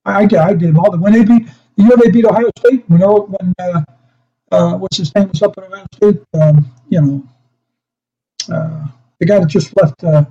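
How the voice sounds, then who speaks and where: An older man, a retired football coach, spins long anecdotes in a rambling, restarting way and chuckles as he goes. His voice sits a bit high for a man yet sounds mellow and dark, coming through a muffled, lo-fi remote line. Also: normal speed. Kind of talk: casual chat, storytelling.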